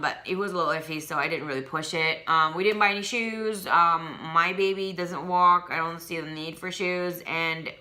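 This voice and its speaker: A woman's voice: lowish voice, sharp tone. A young woman chatting casually in a haul vlog, rambling with lots of ums and likes. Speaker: vlogger.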